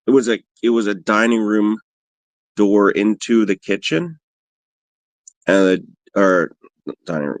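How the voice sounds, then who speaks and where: Livestream host, male, lowish voice, dry close sound, rambling and profane, self-mocking. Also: dry recording. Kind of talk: casual livestream chat answering viewers.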